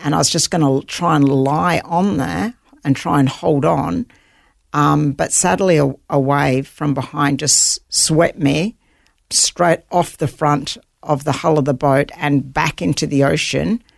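A woman's voice: deep voice, fairly even intonation, unhurried, vocal fry, no room sound, studio quality. A woman telling an earnest, vivid story of surviving at sea, quoting her own thoughts as she goes. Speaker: guest, author recounting survival at sea. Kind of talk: storytelling interview.

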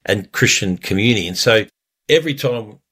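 A man preaching as a pastor, telling a story earnestly before communion, lively when he retells it. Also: fairly low pitch, a little fast, slightly rough.

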